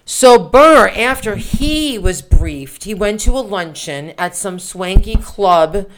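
A woman's voice: mid-range voice, expressive, takes it slowly, background noise. A woman co-hosting a political podcast, talking in an indignant, emphatic way with rhetorical questions. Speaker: podcast co-host.

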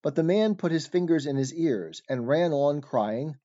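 Brief: measured male narrator reading archaic prose, dark mellow tone, dull lo-fi sound. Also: a little high, expressive. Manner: measured, formal, archaic phrasing. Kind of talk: scripted narration of an old allegory. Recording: dull lo-fi recording.

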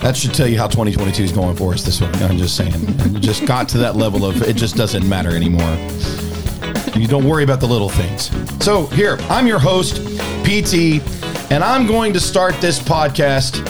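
A man's voice: mid-range voice, lively intonation, moderate pace, over loud music. A man hosting a casual podcast, griping at his co-hosts with teasing, mock-outraged banter. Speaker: podcast host.

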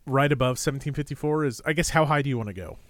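A man co-hosting a casual podcast, rambling cheerfully with lots of ums and false starts. His voice sits at a middle pitch and is recorded close and dry, with no room sound. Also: racing, no echo. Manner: chatty, lots of fillers and restarts. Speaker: podcast co-host. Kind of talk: casual chat.

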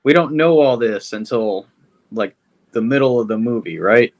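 A man's voice: medium pitch, animated, normal speed. A man co-hosting a podcast, chatting casually and bluntly about a movie, with frequent swearing and "um"s. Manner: blunt, swearing, hesitant with fillers. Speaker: podcast co-host. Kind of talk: casual film chat.

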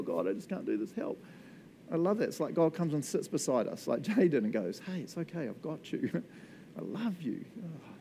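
A middle-aged man with a New Zealand accent, preaching a sermon and telling stories in an animated way, laughing often. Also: mid-range voice, a little hiss or hum. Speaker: pastor.

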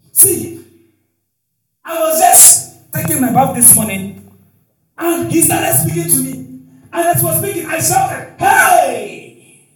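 A male preacher delivering a sermon in call-and-response style, with shouted exclamations and frequent hallelujahs. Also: very high-pitched. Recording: echoey hall, distant mic, faint music.

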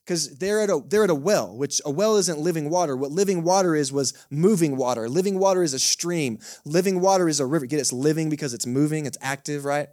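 Joking pastor with a higher voice. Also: male voice, fast, hardly any pauses, darkish tone. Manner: conversational, joking, keeps asking the congregation "right?". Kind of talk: sermon. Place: church service held in a cinema.

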